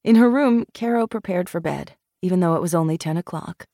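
Woman reading an audiobook, low-ish voice, slow and lively, very dry close sound. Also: no room sound. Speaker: narrator. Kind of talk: audiobook narration.

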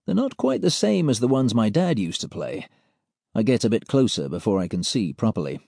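A man reading a first-person story aloud in a wry, deadpan way, close to a studio mic. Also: mid-range voice, a little fast, gravelly, no echo. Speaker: audiobook narrator. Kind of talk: scripted first-person narration.

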